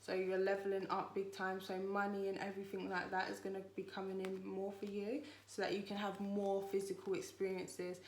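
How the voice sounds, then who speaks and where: A woman talks through a spiritual card reading with a chatty, reassuring flow, often circling back on herself. Her voice sits at a middle pitch, and the room around her echoes. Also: completely flat delivery, brisk, few pauses, a little hiss or hum. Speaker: tarot reader.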